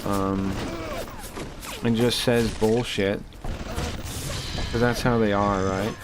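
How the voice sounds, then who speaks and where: A man's voice: on the low side, flat delivery, takes it slowly, noisy background. A man streaming live, ranting heatedly and swearing as he rambles and restarts his sentences while playing a game.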